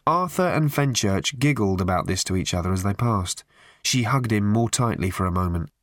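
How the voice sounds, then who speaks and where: A male narrator reading a novel aloud with wry, expressive phrasing. His pitch moves a lot, and the recording is close and dry with no room sound. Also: moderate pace, dry recording. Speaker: audiobook narrator. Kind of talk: scripted narration.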